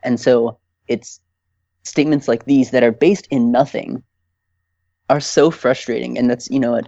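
A man's voice: mid-range voice, fairly even intonation, moderate pace, gravelly, warm tone, dry recording, highs cut off. A man in casual podcast chat, speaking in a heated, emphatic way and often restarting his sentences. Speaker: podcast guest.

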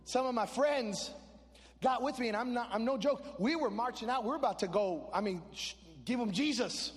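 A male preacher from Chicago giving a sermon, telling comic stories and rising into shouted preaching. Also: very high voice, normal speed, long reverb tail. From Chicago, USA.

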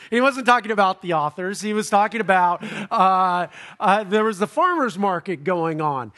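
A middle-aged Southern California pastor preaches through a lively personal story, chuckling at his own jokes. His voice is high, his pace moderate, with few pauses.

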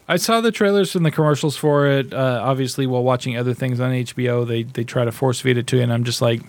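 A man's voice: mid-range voice, fairly even intonation, quick pace, no room sound. A man co-hosting a casual podcast chat, blunt and laughing often, swearing freely. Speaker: podcast co-host.

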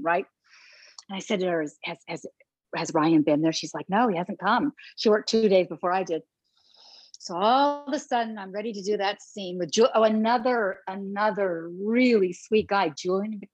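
A woman actress being interviewed, telling lively anecdotes and acting out what others said. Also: medium pitch, dry recording. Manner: animated, acts out quotes of others. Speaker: actress and guest. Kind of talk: casual anecdotal storytelling.

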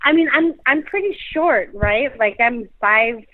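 A woman's voice: on the high side, lively intonation, measured pace. A woman in her thirties, heavily pregnant and out of breath, chatting casually and laughing often as she rambles. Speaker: dentist, podcast host. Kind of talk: casual chat. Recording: tinny phone-like line.

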